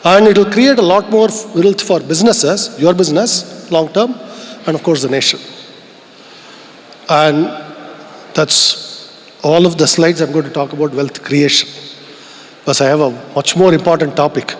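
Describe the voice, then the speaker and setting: A man's voice: a little high, moderate pace, pauses often, slight background noise. A middle-aged Indian man giving a conference keynote speech, earnest and reflective, asking the audience rhetorical questions. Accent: Indian English. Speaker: keynote speaker. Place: large conference hall. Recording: long hall reverb.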